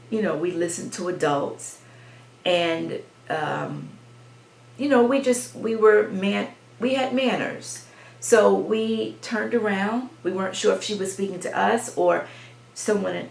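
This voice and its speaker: A woman vlogger telling a personal story from her childhood, reflective and pausing as she talks. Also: mid-range voice, gravelly. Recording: echoey room.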